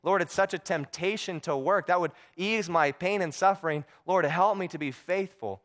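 A man's voice: a little high, fairly quick, fairly bright tone, pitched above the performer's own voice, close to an everyday voice. A man voicing an imprisoned male pastor who prays earnestly and pleads for strength. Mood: pleading.

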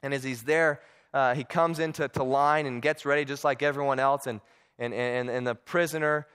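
A man's voice: medium pitch, steady tone, normal speed, a bit bright, clear, resonant tone. A male preacher telling a story in a sermon, earnest, often repeating words as he goes.

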